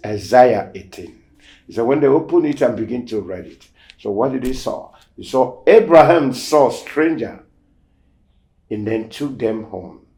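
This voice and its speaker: A male show host with a medium-pitched voice casually tells a testimony story, acting out the quoted dialogue. He swings between loud emphasis and near-whispered asides.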